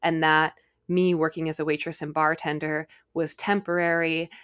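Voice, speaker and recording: A young woman co-hosting a casual podcast, talking excitedly about spirituality, with sudden high, loud bursts. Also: normal speed, clear, resonant tone. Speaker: podcast co-host.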